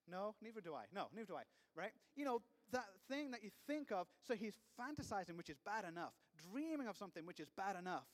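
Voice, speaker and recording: Guy preaching, high voice, chatty storytelling way of retelling the bible, big echoey hall. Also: sing-song, fast, few pauses. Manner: conversational storytelling, retelling scripture in his own words. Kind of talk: sermon.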